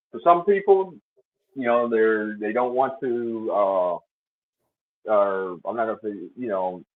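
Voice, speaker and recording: A man joining a panel talk, speaking haltingly with many fillers. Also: mid-range voice, narrow, tinny audio. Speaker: panel guest.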